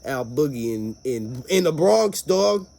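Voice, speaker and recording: A man's voice: mid-range voice, very animated, unhurried, gravelly, darkish tone. A man hosting a podcast, chatting casually and profanely with a friend. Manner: profane, laughing, playful. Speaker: podcast host. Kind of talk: casual chat.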